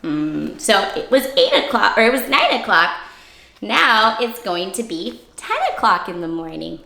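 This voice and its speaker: A woman reads a children's picture book aloud, slow and clear, with her pitch rising and falling a lot. Her voice sits a little high and rings in an echoey room. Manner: expressive, asks children questions. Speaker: read-aloud storyteller for children. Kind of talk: interactive children's read-aloud. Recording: roomy echo.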